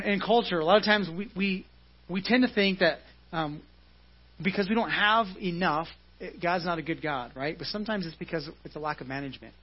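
Here a pastor with a high, husky voice gives a relaxed sermon, guiding listeners through scripture in a casual way and frequently asking "right?". The sound is dull and muffled, like a church service recorded on modest gear.

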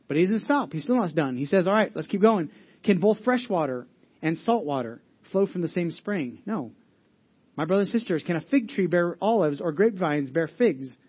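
A man with a high voice preaches a conversational sermon, earnest and direct. He restarts and repeats phrases as he goes and keeps asking the congregation questions. The recording sounds dull and lo-fi. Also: husky. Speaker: pastor.

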